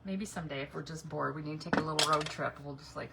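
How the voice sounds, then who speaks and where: A middle-aged woman rambles casually and laughs often while painting a craft project on a home livestream from her yard or garage. She talks fast in a low voice with vocal fry. The livestream audio is noisy.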